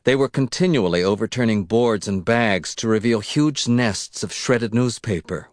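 Low-voiced male audiobook narrator. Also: no echo, studio quality.

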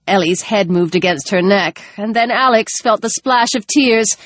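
A woman narrating a tense, dramatic novel, dropping her voice low for grim moments. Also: normal speed, hardly any pauses, no echo. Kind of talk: audiobook narration.

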